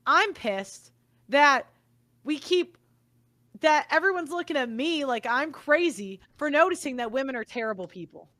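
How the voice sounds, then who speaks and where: Young woman commentator, high bright voice, blunt and profane, angry monologue. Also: lively intonation, measured pace.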